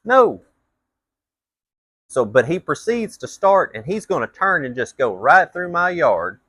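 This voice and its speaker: A man's voice: a little high, big pitch swings, unhurried, a bit bright, no room sound. A man telling a blunt, profane story as a rant, his voice jumping up into heated outbursts. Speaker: vlogger.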